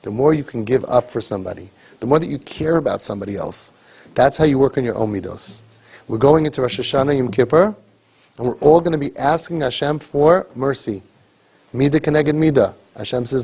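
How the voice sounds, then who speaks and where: Husky man lecturing a group earnestly. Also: medium pitch, expressive, a little fast, a little mellow. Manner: earnest, emphatic, with repeated rhetorical questions. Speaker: parent crisis coach leading a sibling training group.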